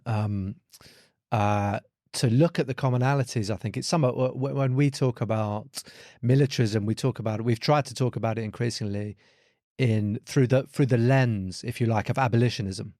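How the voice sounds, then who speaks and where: Halting male podcast host. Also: mid-range voice, darkish tone, no room sound, studio quality. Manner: hesitant, halting, with fillers. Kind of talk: interview questions.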